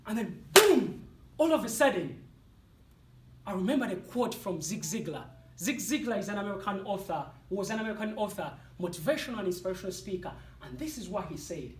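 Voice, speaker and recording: A man with an African accent giving a motivational speech to an audience in a competition, with dramatic, deliberate delivery and punchy pauses. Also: high-pitched, expressive, slight background noise. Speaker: motivational speaker. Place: speaking hall with live audience. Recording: echoey hall, voice from far off.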